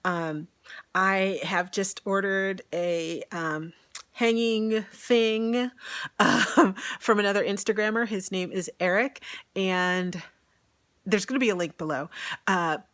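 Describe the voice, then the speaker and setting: A woman's voice: mid-range voice, animated, unhurried, a bit bright, poor audio. A woman vlogging an unboxing at home by a fireplace, giddy and gushing, with gasps and laughter. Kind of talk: casual unboxing chat.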